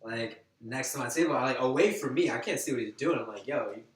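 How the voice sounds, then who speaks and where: A man's voice: mid-range voice, quick pace. Young guy ranting a crazy roommate story, lots of swearing, echoey apartment room. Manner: animated, swearing, slangy. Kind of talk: casual chat.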